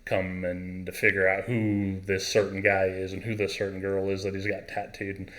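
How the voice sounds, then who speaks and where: A man's voice: low-pitched, monotone, normal speed, fairly bright tone. A man co-hosting a podcast, laid-back, casually explaining a film plot. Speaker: podcast co-host. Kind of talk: casual chat.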